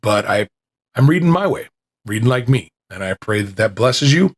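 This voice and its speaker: A man's animated, medium-pitched voice moves at normal speed as he hosts a small podcast. He rambles, restarts and jokes at his own expense in casual chat, then reads out an old lecture while still recovering his voice.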